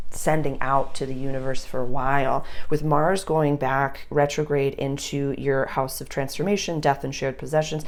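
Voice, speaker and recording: A woman talks casually through an astrology reading, addressing the listener directly. Her voice sits low and carries a gravelly fry. At times she sinks to an intimate whisper. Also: darkish tone, a little hiss or hum. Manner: chatty, speaks straight to the listener, drops to a whisper at times. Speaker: astrology reader.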